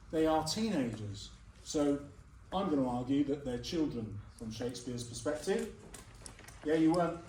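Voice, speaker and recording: A high-voiced man gives a spirited revision lecture in a school hall, jumping into playful voices for the characters. He sounds a little distant from the mic, with a roomy echo and faint background noise. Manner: lively, jokey, acts out characters. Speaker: English teacher.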